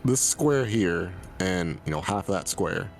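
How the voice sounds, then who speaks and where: A man with a gravelly, fry-heavy voice at a tabletop game. He works through rules questions square by square, with faint music underneath. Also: sits low, animated, a little slow. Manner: asks detailed rules questions. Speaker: player. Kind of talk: casual tabletop play.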